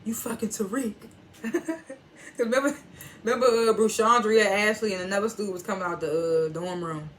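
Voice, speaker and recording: A woman's voice: mid-range voice, steady tone, normal speed, fairly bright tone, a little hiss or hum. A woman giving a casual, blunt TV episode recap, laughing often and adding loose asides. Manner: laughs often while retelling scenes; blunt and profane. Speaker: TV episode reviewer.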